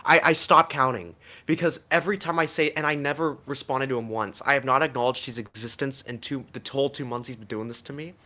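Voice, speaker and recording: On a streamer's voice call, a male guest tears through a meandering story at a rapid clip, cursing often and constantly restarting amid fillers. His voice sits at medium pitch and sounds pushed and bright.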